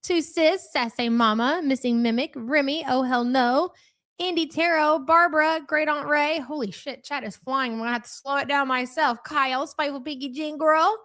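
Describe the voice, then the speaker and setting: A high-pitched woman running a live stream, rattling off viewers' names at speed and teasing them bluntly. Her talk is casual and sassy, close to a desk mic at home. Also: fairly bright tone. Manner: brash, teasing, reads chat names rapidly. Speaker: livestream host.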